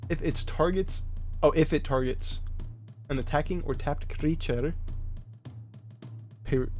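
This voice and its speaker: A man's voice: mid-range voice, gravelly, darkish tone. A man streaming casually, reading card text aloud and reacting to chat with profanity and frequent laughs.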